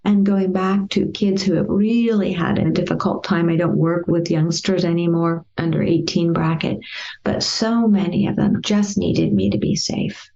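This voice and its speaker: A woman therapist speaking as an interview guest, her voice gravelly with a dark, mellow tone. She tells stories gently and acts out the dialogue as she goes. The audio is dull and somewhat lo-fi. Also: fairly low pitch, moderate pace. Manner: gentle, lively storyteller acting out past dialogue. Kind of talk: interview storytelling.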